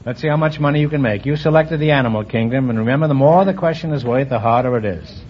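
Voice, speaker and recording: A man's voice: medium pitch, fast talker, slightly rough. A man hosting a quiz show, teasing and punning with contestants and laughing at his own jokes. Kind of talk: wisecracking quiz show banter. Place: radio studio with audience. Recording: dull old broadcast recording with faint hiss.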